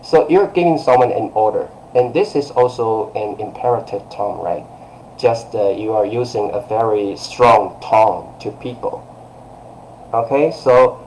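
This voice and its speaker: Slow, patient male teacher. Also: on the low side, a little mellow, slight background noise, low-quality recording. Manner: patient explaining, repeats examples with emphatic demonstrations. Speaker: Chinese teacher. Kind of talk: live online language lesson.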